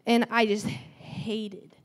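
A woman's voice: fairly high pitch, level tone, very slow. A teenage girl giving a church testimony in a chatty way, full of "um" and "like," acting out quoted dialogue. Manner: chatty, lots of "um" and "like", acts out quotes. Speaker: youth testimony speaker.

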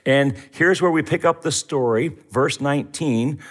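A man's voice: on the high side, unhurried. A middle-aged man preaching a sermon as pastor, telling the story with animation and acting out the voices in it.

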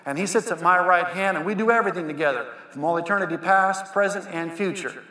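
Preacher as folksy cowboy God, firm and fatherly, bright voice, echoey hall. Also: high-pitched, fast talker. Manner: folksy, preachy, calls listener son. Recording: echoey hall with long reverb.

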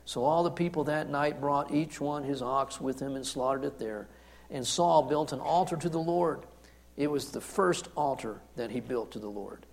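A man preaching a sermon, commenting on scripture in an emphatic way that swings from hushed to forceful. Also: mid-range voice, normal speed, creaky. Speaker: pastor.

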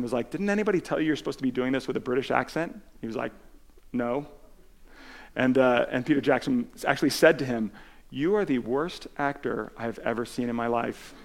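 A man pastor giving a conversational sermon, telling stories with many restarts and filler words. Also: mid-range voice.

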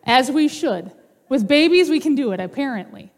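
A woman's voice: sits high, lively intonation, moderate pace. Woman preaching with jokes in a reverberant hall. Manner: humorous, conversational preaching. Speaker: pastor. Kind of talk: sermon.

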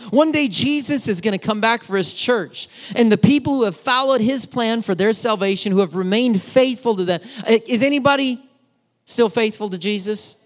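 A man giving a children's sermon, animated and emphatic, talking straight to the kids. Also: high voice, brisk. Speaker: children's pastor.

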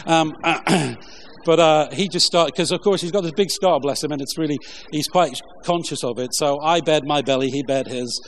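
A man preaching a relaxed, conversational sermon with jokey asides and lots of fillers, reading scripture along the way. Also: on the high side, slight background noise. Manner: informal, halting, many fillers, jokey asides. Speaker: pastor.

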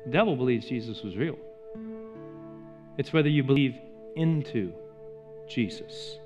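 A man preaching a sermon as pastor, rising to loud emphatic peaks and dropping to soft, hushed storytelling. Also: medium pitch, expressive, moderate pace. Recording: slightly dull sound with faint music behind.

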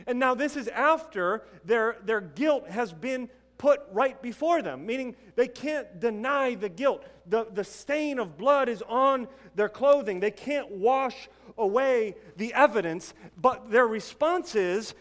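A man's voice: extremely high pitch, a bit bright. A young adult man preaching a sermon in a conversational way, tossing rhetorical questions and casual asides to the congregation. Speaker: pastor.

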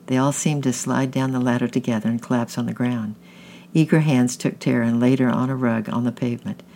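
A man's voice: medium pitch, a little mellow, a little hiss or hum. A man reading a children's novel aloud in a plain way, often slipping and restarting words. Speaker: audiobook reader.

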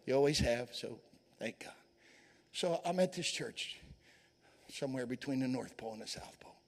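An evangelist preacher at a church men's conference speaks in an expressive, creaky, medium-pitched voice at normal speed. He shares folksy personal stories and fervently exhorts his listeners.

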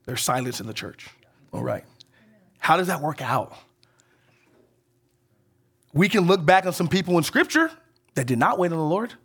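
A man preaching a sermon as pastor. He keeps checking in with the congregation with "right?" and "okay?", and swings between emphatic rises and soft drops. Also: on the high side, big pitch swings, normal speed, long pauses, husky.

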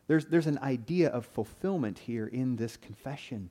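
Brief: male pastor mid-sermon, earnest, mellow timbre, stammered restarts. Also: mid-range voice, moderate pace, few pauses. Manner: earnest, repeats words when starting phrases. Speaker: preacher.

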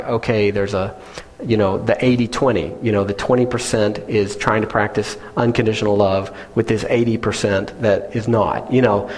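Man preaching a sermon in a reverberant hall. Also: mid-range voice. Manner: earnest, conversational preaching with asides. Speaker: pastor. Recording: long reverb of a large hall.

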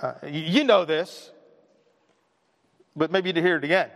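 A man preaching in a church sanctuary, his slightly higher voice carrying a long reverb from the hall. He talks in a loose, chatty way and restarts his phrases with repeated words. It sounds like a friendly sermon to a familiar congregation. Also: moderate pace, a bit bright. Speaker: pastor. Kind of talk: casual conversational sermon.

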